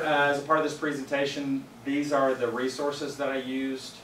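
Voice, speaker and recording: Man, laid-back trainer with dry jokes; mid pitch, caught from across an echoey room with faint ambience. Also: normal speed, hardly any pauses, a little hiss or hum. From Louisiana. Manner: relaxed, explanatory, wry asides. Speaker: faculty trainer. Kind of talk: casual presentation to a live group. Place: training room with a small audience. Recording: roomy echo, distant mic, faint ambience.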